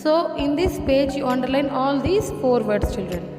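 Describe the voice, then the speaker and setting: Woman, teacher, high voice, slow deliberate dictation, spells words letter by letter, echoey room, faint music behind. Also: lively intonation.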